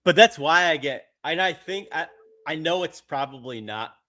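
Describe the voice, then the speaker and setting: A man's voice: a little high, expressive, moderate pace, bright, forceful tone. A man in casual podcast chat, agreeing and chiming in with blunt, swearing asides.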